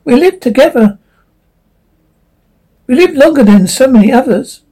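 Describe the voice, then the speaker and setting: A reader voicing a gentle, tender male autumn leaf that soothes its companion in a storybook, with a husky tone. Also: high voice, lively intonation, moderate pace, pitched above the performer's own voice, poor audio. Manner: tender, reassuring. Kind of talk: storybook reading.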